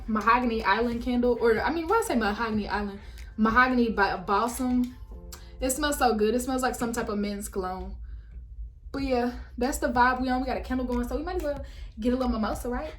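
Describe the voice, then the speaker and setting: Young woman beauty vlogger, frank storyteller, high voice in an echoey room with soft music under her. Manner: animated, swings into loud high-pitched quotes of herself and others; casual and frank, swears freely, chats to viewers as "y'all". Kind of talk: storytime while doing makeup.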